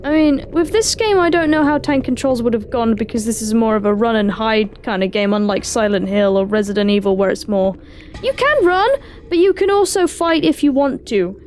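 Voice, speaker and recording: A woman's voice: on the high side, lively intonation, normal speed, a little mellow, a little hiss or hum. A woman giving casual gameplay commentary, reading in-game text aloud and adding wry, sarcastic asides to herself. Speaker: let's play gamer.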